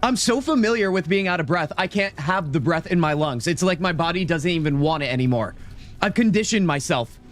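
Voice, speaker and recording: A man with an American accent hosting a casual gaming livestream, animated and chatty with his viewers, a bit out of breath. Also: fairly high pitch. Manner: animated, talks fast and chatty to viewers, says "dude" often. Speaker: livestream host. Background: faint game and tavern music.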